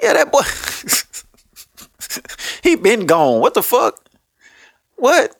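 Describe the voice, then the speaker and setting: A man's voice: very high voice, huge pitch swings, measured pace, creaky, no room sound, clean studio sound. A man hosting a podcast, ranting blunt, profane commentary and laughing often. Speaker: podcast host.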